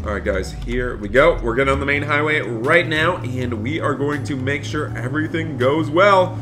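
A man's voice: medium pitch, normal speed, noisy background. A man playing a police deputy in a game role-play, barking commands and repeating his disbelief in an exasperated way. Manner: repeats stock phrases in disbelief.

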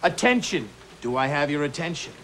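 A man's voice: fairly high pitch, sing-song, fairly quick, a bit bright, a little hiss or hum. An actor playing a blunt, hard-driving sales manager who drills slogans into his team. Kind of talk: comic pep talk to a sales team.

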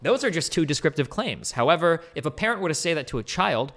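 Brief: young male streamer, rapid casual commentary, profane, acts out little examples. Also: fairly high pitch, sing-song, a bit bright. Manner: fast, rambling, profane, explains with acted examples.

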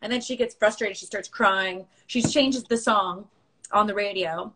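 A woman's voice: mid-range voice, a little slow, fairly bright tone. A woman in her thirties hosting a casual Instagram live chat on her phone, chatty and rambling, laughing often. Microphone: phone livestream.

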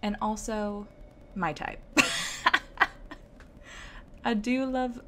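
A young woman from the American South talks through her gameplay in an unhurried, easygoing way. Her Southern accent comes through naturally, and she chats and giggles often, scattering "like" through her sentences. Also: mid-range voice, steady tone, a little mellow, a little hiss or hum. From Southern United States. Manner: chatty and giggly, lots of "like" fillers. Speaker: streamer. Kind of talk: casual gameplay commentary.

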